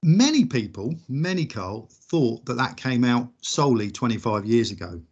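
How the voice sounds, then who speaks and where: A man's voice: mid-range voice, very animated, moderate pace, a little mellow, breathy edge. A man from the United Kingdom hosting a podcast, chatting casually and jokily, rambling and thanking listeners. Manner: jokey, rambling, gives thanks. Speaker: podcast host. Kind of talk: casual chat. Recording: dull lo-fi audio.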